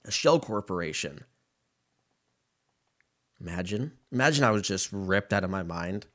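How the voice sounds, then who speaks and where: A man's voice: low voice, lively intonation, normal speed, a bit bright. A man rambling in a casual, profane solo monologue, laughing often and drifting between topics.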